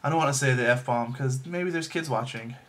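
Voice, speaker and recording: A man's voice: medium pitch, brisk, fairly bright tone. A man casually reviewing a movie, rambling with lots of fillers and restarts and making self-deprecating jokes. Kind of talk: casual chat.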